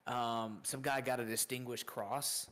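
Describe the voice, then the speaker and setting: A man's voice: mid-range voice, steady tone, a little slow, fairly bright tone. Laid-back male co-host, says "dude". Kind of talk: casual talk.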